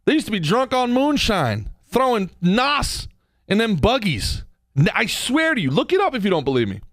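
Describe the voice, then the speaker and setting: A man hosting a podcast, ranting comedically with profanity and quick mock voices. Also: high-pitched, dry recording. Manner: animated, profane, jumps between impressions and mock voices. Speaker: podcast host. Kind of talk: comedic rant.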